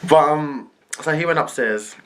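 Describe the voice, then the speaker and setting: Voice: medium pitch, measured pace. A young adult telling a storytime vlog, acting out every quoted person. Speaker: vlogger.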